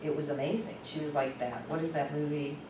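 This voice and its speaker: An animated woman workshop presenter telling a story in a loose, conversational way. Her voice sits slightly low and sounds distant. It is captured in an echoing room with steady background noise. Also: a little fast. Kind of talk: storytelling teaching talk. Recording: echoey room from far off, noisy.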